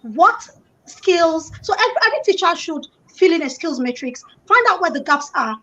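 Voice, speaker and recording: A woman with a Nigerian accent and a high voice speaks as a guest on an online panel. She explains in a measured way, often pausing on "you know". Her voice comes through dull, lo-fi call audio. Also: expressive, pushed and bright.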